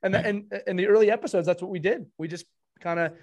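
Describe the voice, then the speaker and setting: A man hosting a hockey podcast, chatting casually and warmly, with frequent restarts and repeated words. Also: high-pitched, quick pace, a little hiss or hum. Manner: warm, rambling, many restarts. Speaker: podcast host.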